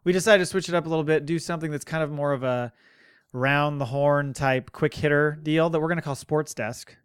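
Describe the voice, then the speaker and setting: A man's voice: on the high side, fairly even intonation, brisk, clean tone, no echo, studio quality. Rambling, profane male podcast co-host. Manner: rambling, profane, laughs a lot. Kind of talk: casual chat.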